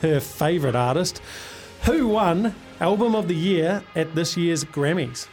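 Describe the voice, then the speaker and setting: A man's voice: on the high side, expressive, a little slow, darkish tone, faint music behind. A man hosting a radio sports quiz, upbeat and matey with plenty of slang. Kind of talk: casual radio banter. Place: radio studio.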